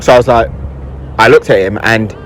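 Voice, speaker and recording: A man's voice: on the low side, fairly quick, a little hiss or hum. Reflective young man telling a story. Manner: reflective, hesitant, searching for words. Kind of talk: casual conversational storytelling.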